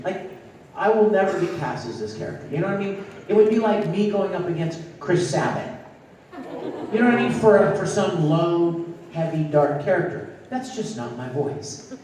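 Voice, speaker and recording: A man, a voice actor, telling a lively anecdote on a convention panel and acting out voices. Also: sits high, normal speed, slight background noise. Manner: animated, acts out voices. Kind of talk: storytelling anecdote to a live audience. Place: large convention hall. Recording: echoey hall, distant mic, faint ambience.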